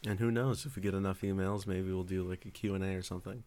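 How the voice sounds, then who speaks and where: Brief: low-voiced man hosting a gaming podcast, easygoing, chuckling, hedging. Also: fairly even intonation, quick pace, a little mellow, dry recording. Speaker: podcast host. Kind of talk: casual chat.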